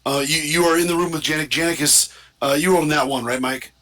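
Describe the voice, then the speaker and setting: Bright-voiced male game master. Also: on the high side, quick pace, low-quality recording. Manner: relaxed, with filler words. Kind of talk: narrating a tabletop game.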